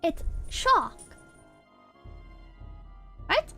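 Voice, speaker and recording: Very high-pitched giggly woman streamer. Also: big pitch swings, normal speed, long pauses, fairly bright tone, faint music behind. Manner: giggly, banters with chat, breaks into shrieking laughter. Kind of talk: casual chat with viewers.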